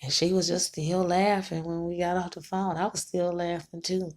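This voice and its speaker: Low gravelly-voiced woman talking frankly. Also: flat delivery, normal speed, darkish tone. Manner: frank, chatty, laughs between thoughts, swears freely. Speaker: tarot-reading vlogger. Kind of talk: candid personal talk to camera.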